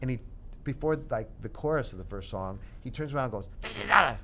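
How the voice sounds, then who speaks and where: A man's voice: medium pitch, animated, fast, darkish tone, a little hiss or hum. A man, a guest trumpet player, telling stories in a casual radio interview, self-deprecating and laughing often.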